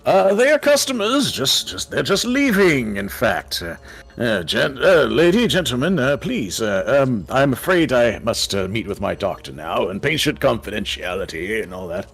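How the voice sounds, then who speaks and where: A man's voice: medium pitch, sing-song, normal speed, creaky, husky, pitched above the performer's own voice, full character voice. A man voicing a nervous, flustered old male shopkeeper who stammers and stays overly polite in a tabletop game.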